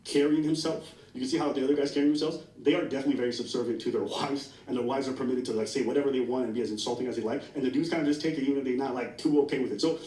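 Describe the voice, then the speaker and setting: A man talks at a furious clip, blunt and profane, as he tears into a clip on a reaction show. His voice sits at an ordinary middle pitch. It echoes around the room and sounds picked up from a few feet away. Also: steady tone, rapid-fire, hardly any pauses, dark tone, far from the mic. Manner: blunt, heated, profane ranting. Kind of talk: casual reaction commentary.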